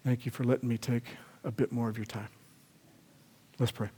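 Male pastor, sermon, earnest storytelling, mid-pitched, long hall reverb. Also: little pitch movement, fast talker, husky. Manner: storytelling, earnest, then gentle prayer.

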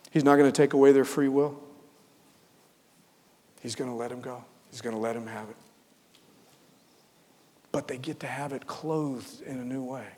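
A man preaching a sermon, swinging from loud, fervent build-ups to hushed, almost whispered lines. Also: mid-range voice, big-room sound. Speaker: pastor.

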